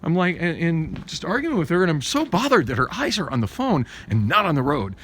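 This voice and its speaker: A man's voice: big pitch swings, fairly quick, fairly bright tone. Rambling man telling a rant story. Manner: rambling, many restarts and fillers, rising pitch when agitated. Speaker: vlogger. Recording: noisy background.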